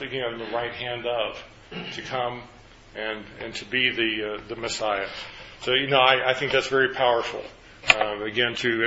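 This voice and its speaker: A man's voice: mid-range voice, bright, forceful tone, dull audio, a little hiss or hum. A man leading a group Bible study, asking the group questions and then recapping their answers.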